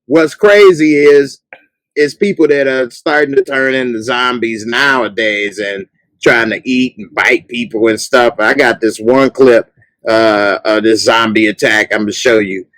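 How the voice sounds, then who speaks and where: A man hosting a casual podcast livestream, chatting loosely and breaking into loud, mocking outbursts. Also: mid-range voice, measured pace, no room sound. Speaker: podcast host.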